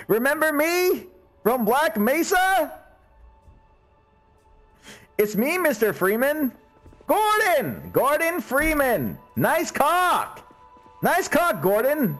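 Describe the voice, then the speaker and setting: A man putting on an excitable male security guard from a video game, shouting through a voice changer. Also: extremely high pitch, slow pace, long pauses, soft background music, pitched above the performer's own voice, heavily acted. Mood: excited. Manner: shouty, gushing, exclamatory.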